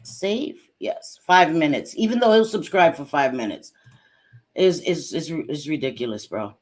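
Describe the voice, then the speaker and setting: Young adult woman, livestream host; sassy casual chatter, slightly low voice, mixes in Spanish. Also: animated, a little slow. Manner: chatty, swings between sass and apologies.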